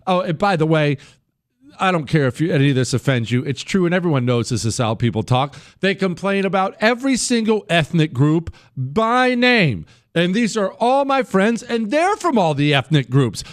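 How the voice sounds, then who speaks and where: A man's voice: fairly high pitch, sing-song, moderate pace, no room sound, clean studio sound. A man hosting a political talk radio show, delivering a sarcastic monologue and mocking people in put-on voices.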